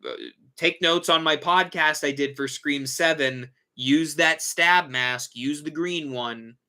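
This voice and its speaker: Casual male livestream host, bright tone, rambling and self-correcting. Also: a little high, slow pace.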